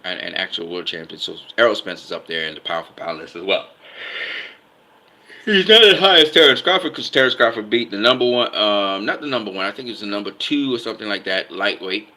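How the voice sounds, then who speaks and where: A man's voice: on the low side, sharp tone, poor audio. A man giving casual boxing commentary, emphatic, often repeating himself and stopping to ask "okay?".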